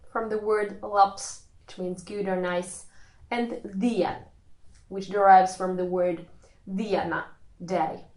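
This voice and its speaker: A woman teaching a recorded language lesson, explaining rules slowly and carefully with spoken examples. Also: mid-range voice. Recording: echoey room.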